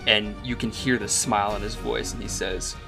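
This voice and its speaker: A man's voice: on the low side, steady tone, moderate pace, creaky. A man narrating a tabletop game as game master, describing scenes loosely with lots of filler words. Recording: music playing underneath.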